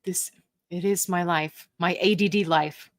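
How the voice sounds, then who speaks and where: A woman's voice: fairly low pitch, fairly even intonation, unhurried, dry recording, studio quality. A woman hosting a casual live Q&A stream, reading viewer comments aloud in a chatty, playful and self-mocking way, laughing often. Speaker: livestream host.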